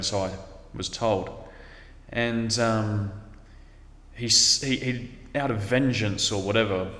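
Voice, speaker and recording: Australian man, low voice, easygoing rambling storyteller, roomy echo with a long tail. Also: fairly bright tone. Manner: rambling, laid-back, drifts off topic. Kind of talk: casual storytelling. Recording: echoey room with long reverb.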